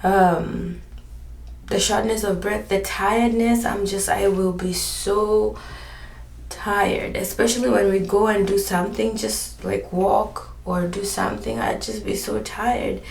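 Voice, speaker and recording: A woman's voice: medium pitch, steady tone, unhurried, gravelly. A pregnant woman chatting on her home vlog, tired and earnest, rambling through her thoughts. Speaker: vlogger sharing her pregnancy journey. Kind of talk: casual vlog chat. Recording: roomy echo, a bit off-mic.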